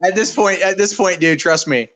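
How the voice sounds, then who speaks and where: A man's voice: sits high, moderate pace, fairly bright tone, slight background noise. A man on his phone in a casual group chat, laid-back and shrugging things off.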